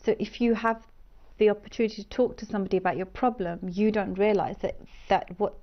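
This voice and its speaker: A woman's voice: mid-range voice, fast. A woman guest on a discussion show, speaking earnestly and reflectively, with hesitations. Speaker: guest sharing her experience. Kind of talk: personal discussion. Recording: slightly dull lo-fi sound.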